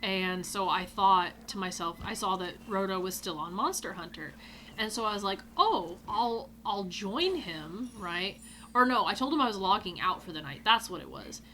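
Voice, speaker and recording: Woman gaming host spinning a story, bright sharp voice, swears a lot, yelps out the quoted bits, bit of faint hiss behind. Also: mid-range voice, fairly quick. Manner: animated, swears freely, acts out quotes with loud cries. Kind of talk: casual anecdote storytelling.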